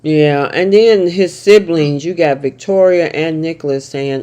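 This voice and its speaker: A woman with a low-sitting voice speaks at a measured pace with lively intonation and a mellow tone, though the recording is muffled. She hosts a casual chat recapping soap operas, chatty and playful, laughing often and tossing in playful asides.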